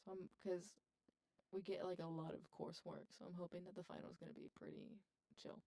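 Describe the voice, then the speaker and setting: A woman's voice: on the low side, steady tone, brisk, vocal fry, dark tone. A young woman co-hosting a student podcast in a casual, chatty way, laughing often. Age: young adult. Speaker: podcast co-host. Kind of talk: casual chat.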